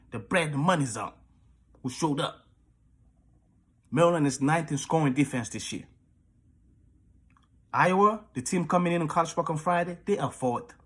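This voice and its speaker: Profane, hyped husky-voiced male fan. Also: medium pitch. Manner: profane, hyped, trash-talking. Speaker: fan previewing a game. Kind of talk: hyped fan video commentary.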